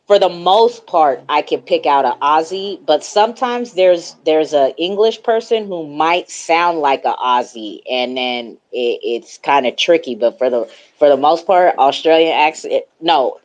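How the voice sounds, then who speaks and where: A woman with a notably deep, low voice hosts a casual online group chat. She talks in a laid-back, slangy, rambling way, full of fillers and quick laughs. Her voice comes through a phone mic. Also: darkish tone. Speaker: host of a social audio chat room.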